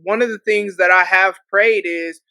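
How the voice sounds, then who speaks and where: A woman's voice: mid-range voice, fairly even intonation, moderate pace, bright, forceful tone, no echo. A woman hosting a podcast in casual chat, reflective, with frequent filler phrases. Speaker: podcast host.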